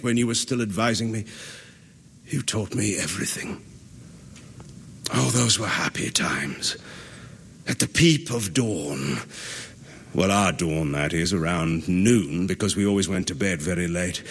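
A man's voice: mid-range voice, lively intonation, quick pace, few pauses, lightly acted. An actor playing a capricious, pleasure-loving young medieval king in a radio drama, teasing and petulant, swinging between wistful and mocking. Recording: long reverb.

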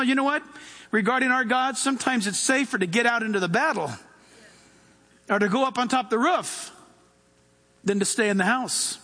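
A male pastor preaching with a high, bright voice. He gets animated and acts out the voices of the people in his stories. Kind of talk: sermon.

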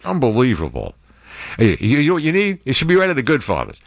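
An older man hosting talk radio from a studio, rambling and joking between asides and little impressions. His voice swings widely up and down around an average pitch. The sound is close and dry. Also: huge pitch swings, quick pace, dry recording. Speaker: radio talk show host. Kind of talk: casual talk radio banter.

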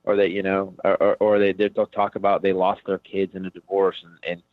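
A comedian guest on a casual phone-in radio interview talks frankly and rambles, peppering his speech with "dude" and "man." His voice is deep, fairly quick and mostly flat in pitch, and the dry recording comes through a tinny phone line.

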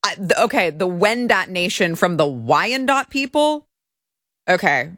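Woman, show host, mocking and sarcastic, lively pitch, dry sound. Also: unhurried, no echo. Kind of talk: political commentary show. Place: broadcast studio.

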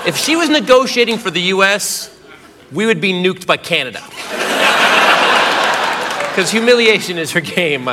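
A man doing stand-up comedy, telling a story with animated delivery and acting out the other voices. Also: high-pitched, moderate pace, pauses often, heavy background noise. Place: comedy club stage. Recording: comedy club with loud crowd laughter.

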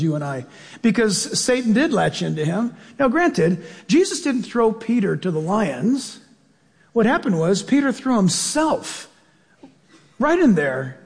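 Male pastor preaching, high and expressive, husky edge, long hall reverb, acts out bits. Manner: animated, acts out voices and laughs mid-sentence. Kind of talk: sermon.

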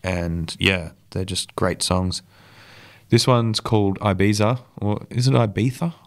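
A young man presenting songs on music radio in a relaxed, rambling way, with lots of ums. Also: sits low, slow. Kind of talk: casual music radio links.

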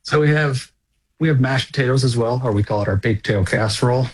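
A man from Minnesota, a restaurant owner, giving easygoing, slightly halting answers in a radio interview. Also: medium pitch, slight background noise, low-quality recording.

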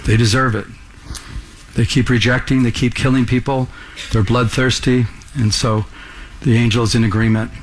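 A man's voice: mid-range voice, level tone, moderate pace, a little hiss or hum. A man preaching a sermon to a congregation in the room, earnest, pressing them with rhetorical questions. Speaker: pastor.

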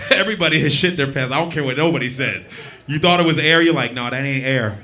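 A man's voice: on the high side, fairly quick, slight background noise. A man doing a crude stand-up set in a comedy club, laughing at his own jokes and acting out voices. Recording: club with loud audience laughter.

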